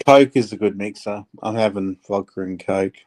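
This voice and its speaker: A man's voice: lowish voice, moderate pace, a little mellow. Man asking wry probing questions. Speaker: guest. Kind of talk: casual chat.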